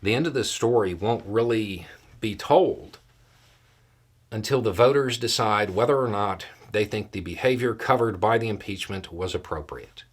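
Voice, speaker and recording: A man giving political commentary in a measured, deliberate way, laying out scenarios step by step. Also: lowish voice.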